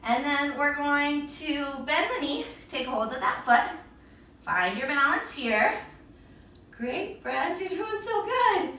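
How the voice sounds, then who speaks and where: A woman's voice: high-pitched, lively intonation, slow pace, bright, forceful tone, a little hiss or hum. A woman guiding a children's yoga class with a storybook, in a playful, encouraging, sing-song way. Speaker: kids yoga teacher. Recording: echoey room, voice from a distance.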